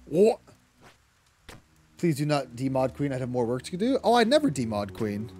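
A man's voice: mid-range voice, sing-song, moderate pace, darkish tone, faint music behind. A young man streaming a game, chatting casually, reading chat aloud, laughing often and swearing freely. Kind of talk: casual live-stream chat while gaming.

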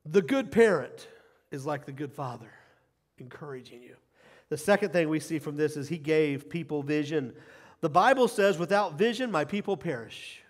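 A middle-aged man preaching a sermon as pastor, emphatic, repeating key phrases and swinging from quiet asides to loud cheering. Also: fairly high pitch, lively intonation, normal speed. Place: church sanctuary. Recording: long hall reverb.

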